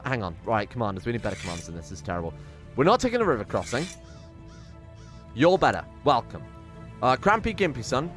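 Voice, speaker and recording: A young man commenting on his strategy game, excitable and sweary, muttering to himself as he plays. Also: medium pitch. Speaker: gaming channel host. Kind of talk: let's play commentary.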